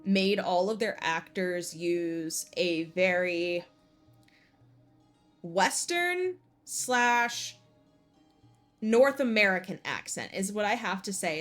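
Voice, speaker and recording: A woman streaming a game who rants passionately while she plays, her voice at an ordinary mid pitch. Faint game music plays behind her. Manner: passionate, ranting, animated. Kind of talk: live gameplay commentary.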